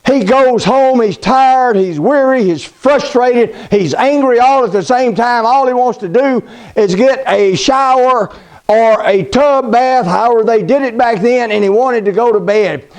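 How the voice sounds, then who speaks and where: A preacher with a high voice for a man tells a scripture story in a folksy, dramatic way. He calls his listeners buddy and slows down to build tension. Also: darkish tone. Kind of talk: sermon storytelling.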